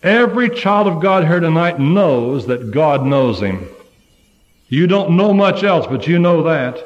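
A man preaching a sermon to a congregation, swinging from loud fervent cries to low, hushed passages. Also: very animated, unhurried, muffled recording.

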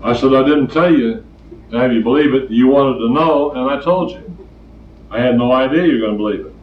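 Captured distantly in a roomy, lo-fi recording, this older man preaches a plainspoken sermon a little on the fast side. His voice sits mid-range as he tells stories and drives points in through emphatic repetition.

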